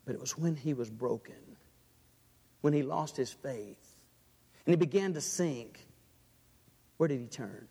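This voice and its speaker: A man preaching a sermon in a large church, dramatic and full of rhetorical questions, dropping to a hush and then rising loud. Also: medium pitch, expressive, unhurried, pauses often, slightly rough. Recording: reverberant church hall.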